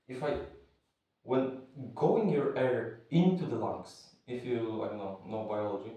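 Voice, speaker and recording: Standing far from the microphone in a very echoey space, a man gives an easygoing, rambling martial arts lesson, often stopping to find the right word. He has a mid-range voice with a darkish tone.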